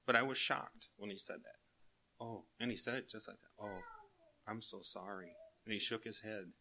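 An older man with grandchildren, preaching a sermon in a folksy way, telling family anecdotes and chuckling as he quotes children softly. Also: on the low side, a little fast, gravelly, a little hiss or hum.

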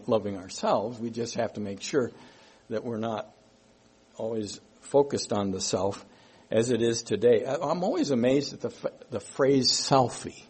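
Male preacher, husky, unhurried sermon delivery with emphatic repetition. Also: mid-range voice, a little mellow. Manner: slow, emphatic, repeats key phrases.

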